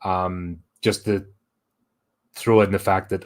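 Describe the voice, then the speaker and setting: A man's voice: sits low, flat delivery, moderate pace. A man hosting a horror podcast, giving a blunt, sweary and exasperated casual film review.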